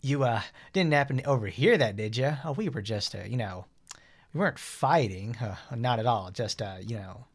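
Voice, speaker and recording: A man's voice: mid-range voice, animated, moderate pace. A man reading the lines of a bubbly teenage schoolgirl from a game story, flustered and hesitant.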